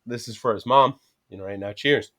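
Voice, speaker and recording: Guest: fast-paced man, casual and profane, acts out every voice in his stories. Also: mid-range voice, bright, forceful tone. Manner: profane, rambling anecdotes with quoted dialogue. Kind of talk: casual storytelling chat.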